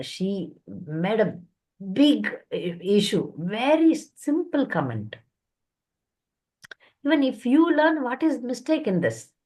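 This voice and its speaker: A woman, a spiritual teacher giving direct, scolding advice in a guidance session. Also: mid-range voice. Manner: direct, scolding, lively storytelling. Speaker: spiritual teacher answering questions.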